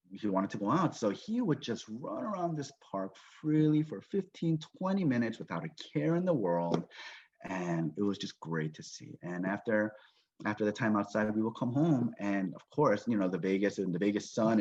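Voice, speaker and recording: A man's voice: fairly low pitch, a little mellow, slight background noise. A man giving a motivational business training talk on a video call, telling a story and acting out what people say. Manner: storytelling with acted-out quotes. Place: home, Las Vegas. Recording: dull lo-fi call audio.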